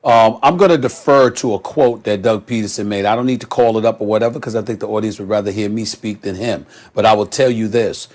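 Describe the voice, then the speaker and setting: A man's voice: on the low side, fairly even intonation, quick pace, hardly any pauses, darkish tone. A man arguing emphatically in a studio sports debate, pressing rhetorical questions.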